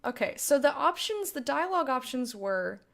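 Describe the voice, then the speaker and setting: A woman's voice: sits high, very animated, normal speed, gravelly, a bit bright. A woman hosting a blind let's play, giving casual, emotional commentary on a game. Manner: emotional, chatty reactions.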